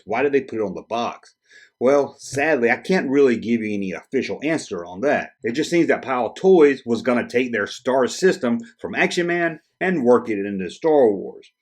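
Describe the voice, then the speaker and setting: A man of middle pitch talks casually to camera about old toys. His intonation rises and falls a great deal. He sounds like a relaxed hobby host who likes quizzing his viewers. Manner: conversational, asks viewers questions. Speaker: toy collector video host. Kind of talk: casual explanatory chat to camera.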